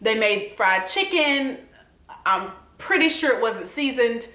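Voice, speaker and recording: Southern woman, young, sassy and chatty, slightly high voice, roomy room echo. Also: lively intonation, slow pace, sharp tone. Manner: sassy, chatty, addresses viewers directly. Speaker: TV recap vlogger. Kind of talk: casual recap commentary. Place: home room.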